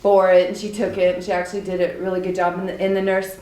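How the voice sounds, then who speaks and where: A woman's voice: on the low side, completely flat delivery, quick pace, warm tone. A woman speaking at a memorial, telling tender personal stories and laughing at fond memories. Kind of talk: personal storytelling. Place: memorial gathering room. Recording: echoey room from a distance.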